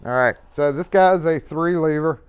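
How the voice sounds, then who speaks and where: In his shop, a man works on a lock during a relaxed livestream, rambling offhand chat punctuated by occasional cursing and chuckles. His voice is slightly high, clear and resonant, at normal speed, but the mobile mic gives dull audio.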